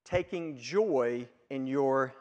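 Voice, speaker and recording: A man's voice: mid-range voice, very slow, darkish tone, big-room sound, lo-fi sound. A man preaching a sermon as pastor, with emphatic rises and drops as he quotes scripture.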